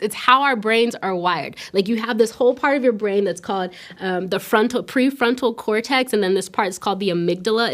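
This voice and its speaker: Youth pastor type, young woman, higher voice, animated and playful, casual slang. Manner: animated, laughing, chatty with slang. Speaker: youth church leader. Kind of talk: casual storytelling lesson.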